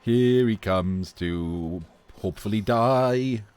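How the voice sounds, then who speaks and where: A man giving casual live commentary on a video game match. He talks in a chatty way, laughs often, swears casually, and his voice is getting a little hoarse. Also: on the low side, slow, a little mellow. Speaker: esports commentator.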